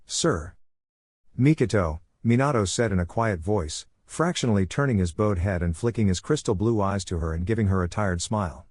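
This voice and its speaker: A man reading a fan fiction story aloud in a steady narration. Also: lowish voice, brisk, few pauses, dry recording, clean studio sound.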